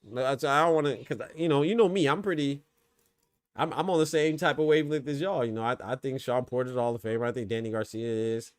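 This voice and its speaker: A man's voice: medium pitch, fast talker, clean tone, no echo. Laid-back man chatting boxing live. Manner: loose, chatty, talks to the chat with slang. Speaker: boxing podcast host. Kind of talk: casual live fight commentary chat.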